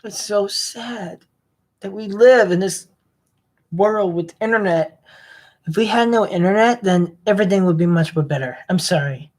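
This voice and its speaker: A man's voice: high-pitched, moderate pace, darkish tone. A young man talking to himself as he clicks around his computer for a vlog. He mumbles, rambles and grumbles about what he finds. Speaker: vlogger. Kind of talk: rambling screen-recording commentary.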